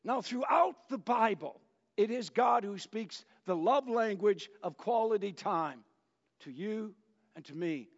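Male pastor, high voice, slow deliberate sermon delivery, long church reverb, dull lo-fi sound. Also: lively intonation. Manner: unhurried storytelling preacher who tells jokes.

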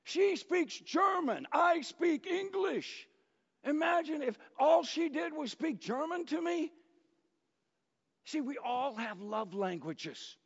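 A man preaching a sermon as pastor, talking to the congregation in a conversational, animated way and acting out quotes. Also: very high voice, takes it slowly, vocal fry. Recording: echoey hall, dull lo-fi sound.

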